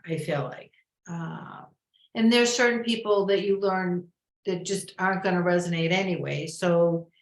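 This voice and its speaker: A woman life coach talking very slowly and thoughtfully, her voice on the low side. She pauses to search for the right words, and the room has a noticeable echo. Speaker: life coach and podcast guest. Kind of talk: casual interview conversation.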